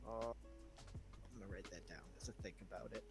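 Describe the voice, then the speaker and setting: A man chatting casually while playing a wrestling sim game with a friend, quick to react, swearing and laughing. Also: low-pitched, gravelly, a little mellow. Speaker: co-host of a game stream. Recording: faint music behind.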